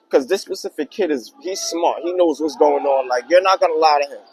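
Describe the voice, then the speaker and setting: Young man, higher voice, casual slangy storyteller, vlog style. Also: brisk, hardly any pauses, soft background music, poor audio. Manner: slangy, animated retelling with acted quotes. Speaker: vlogger telling a personal story.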